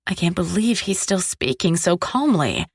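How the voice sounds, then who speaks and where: A woman narrating a dark romance audiobook in the first person, low, tense and sardonic. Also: very animated, moderate pace, breathy edge, dry recording, studio quality.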